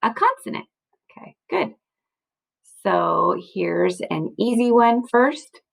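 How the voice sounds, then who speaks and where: A woman's voice: on the low side, slow pace, gravelly, rough recording. A woman teacher walking young students through a recorded slideshow lesson, patient and encouraging, often checking in with "okay?" and "right?". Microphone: computer mic, screen recording.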